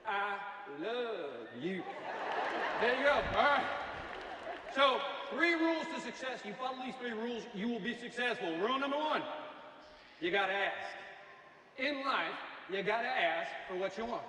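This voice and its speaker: High-pitched energetic motivational speaker man. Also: normal speed, a little hiss or hum. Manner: energetic storytelling with jokes. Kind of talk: motivational speech. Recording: echoey hall from far off.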